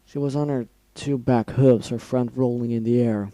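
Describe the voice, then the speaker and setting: Dark-voiced man reading a story aloud. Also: mid-range voice, steady tone, moderate pace, dry recording, poor audio. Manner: reads aloud, breaks off to react emotionally and swear. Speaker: reader of fan fiction. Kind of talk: dramatic reading with asides.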